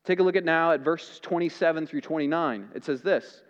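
A man preaching a sermon as pastor, dramatic, swinging from loud to hushed. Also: a little high, brisk, few pauses, in a large hall, muffled recording.

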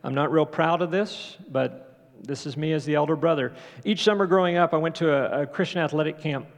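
A pastor giving a conversational sermon in a church, often asking the congregation questions. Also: male voice, a little high, brisk, long reverb tail. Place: church sanctuary.

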